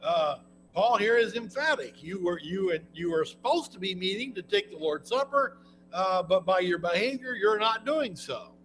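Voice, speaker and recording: A man's voice: high-pitched, expressive, moderate pace, fairly bright tone, slight background noise, poor audio. A man preaching a Bible lesson in a folksy, conversational way, often restarting his sentences. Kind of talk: sermon, Bible class teaching.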